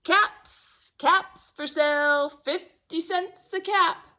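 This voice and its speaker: A woman's voice: sits high, slow pace, pitched above the performer's own voice, heavily acted. A woman playing an angry scolding cap peddler. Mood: calling out. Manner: scolding, loud and raised. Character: frustrated male cap peddler, increasingly angry.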